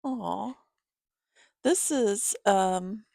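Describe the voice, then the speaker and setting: A woman hosting her own channel, chatting casually with viewers as she shows gifts, giggling often and filling pauses with "um". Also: lowish voice, expressive, creaky, dry recording. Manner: chatty, giggly, many fillers. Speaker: channel host reading to her cats. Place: home, reclining.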